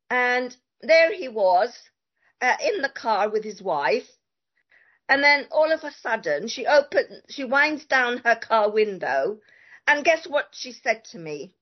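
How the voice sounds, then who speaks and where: Guest woman, fairly high voice, indignant storyteller full of ums, muffled lo-fi sound. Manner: emphatic, indignant storytelling with many fillers. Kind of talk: casual conversation, telling a story. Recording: dull lo-fi audio.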